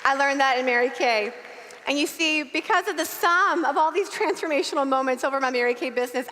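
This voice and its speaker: High-voiced woman speaking in a reverberant hall. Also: fairly quick, some chatter behind. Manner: emphatic, swings between shouting and hushed intimacy. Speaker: sales director giving a keynote speech. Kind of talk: motivational stage speech.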